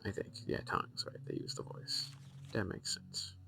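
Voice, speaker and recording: A man streaming a game, rambling through its lore, reading passages aloud and thinking out loud with fillers and self-corrections. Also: moderate pace, music in the background, low-quality recording.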